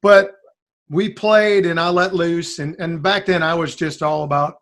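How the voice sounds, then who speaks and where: A man's voice: fairly high pitch, unhurried. A man chatting as a guest musician, telling a long rambling story and acting out what other people said. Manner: rambling, animated, acts out quoted lines. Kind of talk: casual storytelling.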